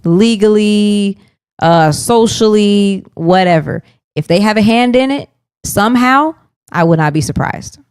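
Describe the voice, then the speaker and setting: A woman's voice: mid-range voice, a little slow, darkish tone, clean tone, no echo, clean studio sound. A woman co-hosting a faith podcast, speaking in a thoughtful, earnest way about faith and relationships. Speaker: podcast co-host.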